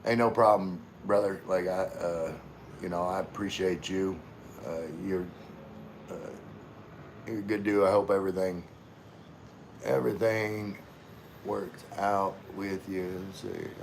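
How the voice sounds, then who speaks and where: A man hosting a casual livestream, chatting with viewers in a halting way full of fillers and restarts. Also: low-pitched, steady tone, gravelly, noisy background. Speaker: livestream host. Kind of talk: casual live chat with viewers.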